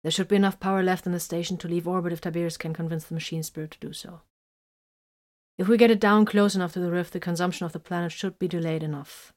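A woman voicing a tightly strung male space marine librarian, speaking quietly and clipped, in a fan story reading. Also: fairly low pitch, fairly even intonation, fast, natural voice. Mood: pointed. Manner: quiet, clipped, then bursts into roaring.

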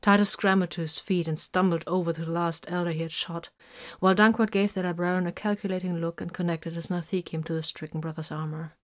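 A woman narrating a story in a lowish, even voice. She reads at a measured pace, steady and clear, letting each sentence land. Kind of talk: story reading.

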